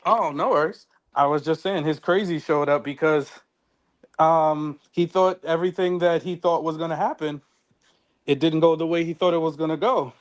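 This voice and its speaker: A man's voice: fairly high pitch, normal speed. A man co-hosting a casual recap chat, explaining his take and laughing along the way. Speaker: podcast co-host.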